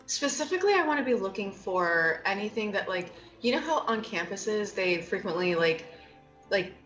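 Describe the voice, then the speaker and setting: A woman's voice: medium pitch, big pitch swings, normal speed, a bit bright. A woman player in a tabletop game who talks in a chatty, hesitant way, full of ums and restarts. Her voice sounds roomy and slightly dull, with faint music under it. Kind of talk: casual tabletop play.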